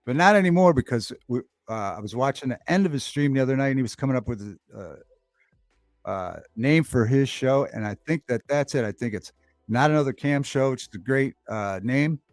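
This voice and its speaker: A man's voice: medium pitch, lively intonation, moderate pace, dry recording, studio quality, soft background music. A man hosting a livestream talk show, chatting casually, reading the chat aloud and repeating favorite movie lines with relish.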